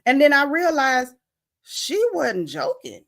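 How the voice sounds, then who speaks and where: A woman recapping a reality show in casual livestream chat. She tells the story with animated swings in her voice, acts out what the cast said, and reads viewer comments aloud. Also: on the high side, moderate pace.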